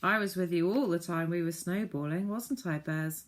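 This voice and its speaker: A woman voicing a sensible, practical young girl in a storybook reading, calm and practical. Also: on the low side, normal speed, lightly acted.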